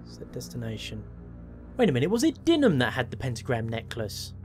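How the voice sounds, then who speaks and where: A man's voice: mid-range voice, wildly swooping pitch, fairly quick, a little mellow. Wry man commenting on gameplay. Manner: wry, self-mocking, thinking aloud. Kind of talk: playing a game with commentary. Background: faint game music.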